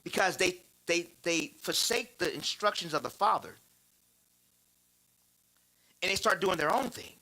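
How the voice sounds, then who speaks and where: A man in his thirties preaching about fatherhood through personal stories, animated and laughing, repeating phrases for emphasis. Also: high-pitched, unhurried, pauses often, low-quality recording. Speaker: church speaker on fatherhood.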